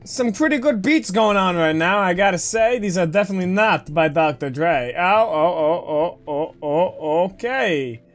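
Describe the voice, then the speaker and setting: A woman's voice: on the low side, expressive, normal speed, few pauses, soft background music. A woman giving playful, joking commentary while playing a video game. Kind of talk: let's play commentary.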